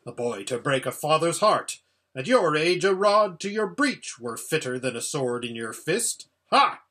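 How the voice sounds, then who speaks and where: A man voicing a gruff, proud older king who speaks in a stern, formal, commanding way. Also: on the high side, very animated, unhurried, pushed and bright, full character voice. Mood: gruff scolding.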